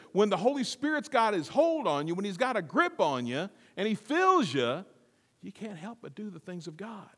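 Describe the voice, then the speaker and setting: Male pastor, high voice, dramatic hushed-to-loud sermon delivery, long church reverb. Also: sing-song, normal speed. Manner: dramatic swings from hushed to loud, emphatic repetition. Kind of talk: sermon with scripture reading. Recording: long reverb of a large room.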